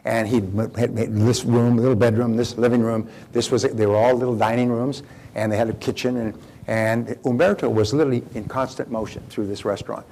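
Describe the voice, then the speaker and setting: A man's voice: mid-range voice, fairly even intonation, brisk, gravelly, warm tone, slight background noise. An older man speaking as a motivational speaker, telling a story in a loose, folksy way full of fillers and restarts. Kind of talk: seminar talk with a story.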